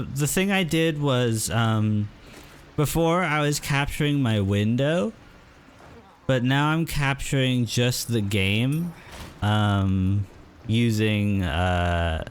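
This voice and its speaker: A man streaming a horror game, chatting casually and hesitantly with many fillers, now and then yelling at the game. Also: slow pace, slight background noise. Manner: rambling, hesitant, lots of fillers; yelps at the game in a higher voice. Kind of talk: casual gameplay commentary.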